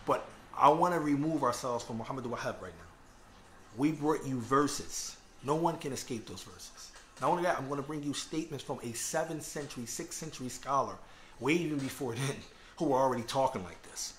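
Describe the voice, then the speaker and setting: A man lecturing on religion in an earnest, conversational way, pausing to ask his listeners if they follow. He talks at a quick clip. A faint hiss sits under the recording. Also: mid-range voice, expressive. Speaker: Islamic lecturer.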